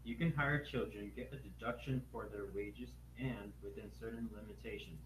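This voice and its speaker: Male co-host reading a passage aloud, steady, corrects his own slips; lowish voice, roomy, noisy. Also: moderate pace. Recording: echoey room with noise.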